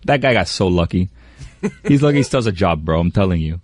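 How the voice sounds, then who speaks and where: A man's voice: sits low, animated, fast talker, darkish tone. A man chatting casually on a radio show, rambling with lots of fillers and slang.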